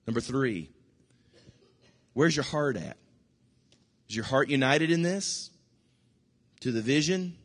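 A man preaching a sermon as pastor, animated, with sudden high bursts and hushed asides. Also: slow, pauses often, breathy edge, in a large hall.

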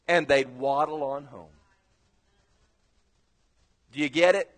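Man, pastor, sermon, high voice, earnest exhortation, long church-hall reverb. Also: slow, pauses often. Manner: earnest storytelling, building to loud exhortation.

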